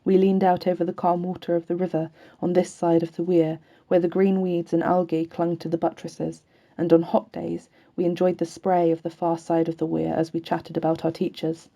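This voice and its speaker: Low, mellow woman reading a novel. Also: flat delivery, normal speed, gravelly, highs cut off. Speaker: audiobook reader. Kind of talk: novel read aloud.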